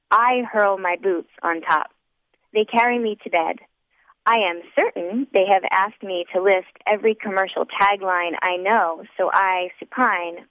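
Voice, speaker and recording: A woman tells a first-person story in a wry, measured audiobook reading. Her voice sits at an ordinary pitch. The recording is dry and tinny, like a phone line. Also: no room sound. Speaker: audiobook narrator.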